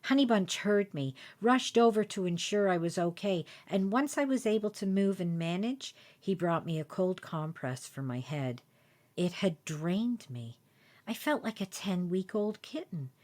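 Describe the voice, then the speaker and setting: A woman's voice: medium pitch, lively intonation, a little slow, a little mellow. A woman hosting a podcast, telling a personal story in a chatty, self-deprecating way. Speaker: podcast host.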